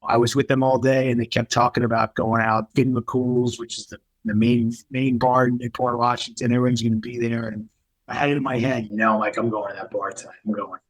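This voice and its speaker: A man's voice: mid-range voice, a little fast, dry recording, poor audio. Candid New man telling his story. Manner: candid, animated retelling with quoted voices. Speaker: podcast guest. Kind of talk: casual storytelling.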